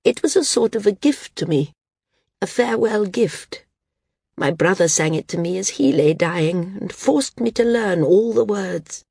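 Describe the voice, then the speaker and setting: A woman reading the part of a frail, dying old woman who speaks frankly, wearily and with quiet firmness. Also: mid-range voice, lively intonation, a little slow, vocal fry, husky, dry recording, studio quality, heavily acted. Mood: earnest. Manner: frank, weary, gently firm.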